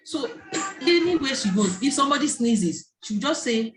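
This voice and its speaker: Animated woman talking to parents. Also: sits high, brisk. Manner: lively storytelling, acting out quoted voices. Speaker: parenting speaker. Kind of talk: online talk to parents. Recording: faint background noise and clicks.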